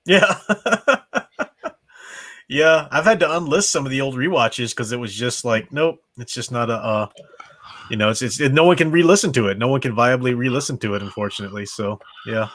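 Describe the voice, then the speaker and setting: A man's voice: medium pitch, moderate pace, a bit bright. A man hosting a casual book club livestream from a home mic, chatty, restarting his sentences often. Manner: chatty, frequent restarts and laughs.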